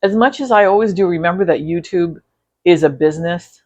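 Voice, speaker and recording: A woman's voice: lowish voice, a little fast, a little mellow, muffled recording. A woman vlogging about quilting in a casual, rambling way, with many fillers and self-corrections. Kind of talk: casual chat reviewing videos.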